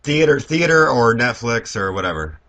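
A man's voice: mid-range voice, big pitch swings, normal speed, bright, forceful tone, muffled recording, a little hiss or hum. A man co-hosting a podcast, chatting casually about horror movies with blunt opinions. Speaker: podcast co-host.

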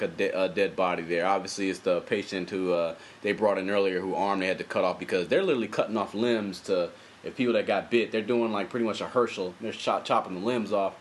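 A man's voice: fairly low pitch, slight background noise. A young man casually recapping a TV episode in loose, profane, rambling commentary full of slang. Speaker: TV episode reviewer.

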